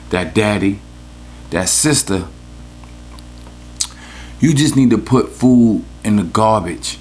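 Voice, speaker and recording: A fairly low-pitched man with a New York accent hosts a podcast, delivering a casual, profane, rambling comedic rant full of jokes. There's a slight hiss or hum in the recording.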